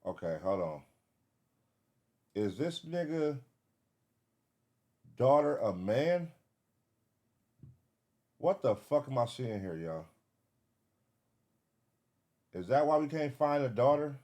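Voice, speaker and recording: A man giving live reaction commentary, excitable, swearing and thinking aloud as he searches. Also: medium pitch, slow pace, pauses often. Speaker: reaction streamer.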